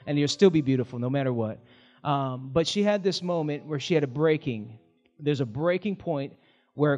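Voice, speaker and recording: A middle-aged man with an American accent preaches to his congregation. His voice sits a bit high, and his lines swell with emphasis between casual asides. Soft music plays faintly behind him. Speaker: pastor. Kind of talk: sermon.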